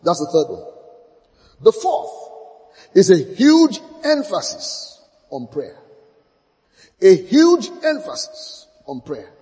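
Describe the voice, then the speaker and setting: High, lively-voiced man preaching a sermon. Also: takes it slowly, pauses often, big-room sound, poor audio. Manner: emphatic, repeats key phrases for stress; acts out church members in short dialogues.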